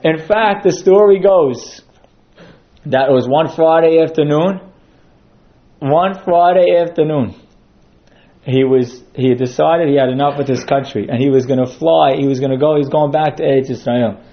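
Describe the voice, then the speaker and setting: A man's voice: on the high side, moderate pace, highs cut off. A man giving a sermon that centres on a told story, acting out quotes as he goes. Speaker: synagogue speaker.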